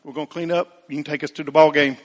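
A man's voice: a little high, steady tone, fast, big-room sound, lightly acted. A man voicing his teenage self, an eager boy pleading insistently and repeating himself.

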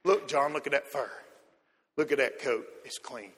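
A man voicing an elderly male priest, a fond proud father, speaking in a hushed, marveling way. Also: medium pitch, normal speed, husky, voice pushed down. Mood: hushed wonder. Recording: long hall reverb.

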